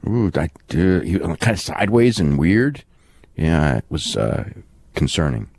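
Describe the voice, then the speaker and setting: A very low-voiced man co-hosting a wrestling podcast, thinking out loud in a loose, rambling way. He stops and restarts his sentences often and leans on fillers. The sound is dry and close, with no room around it. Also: sing-song, unhurried, creaky, no room sound. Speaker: podcast co-host. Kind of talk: casual wrestling recap chat.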